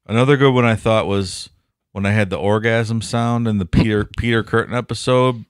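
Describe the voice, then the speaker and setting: Jokey, low-voiced male podcast co-host. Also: fairly even intonation, normal speed, clean tone, no echo, studio quality. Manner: jokey, laughs at his own stories, profane. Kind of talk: casual podcast chat.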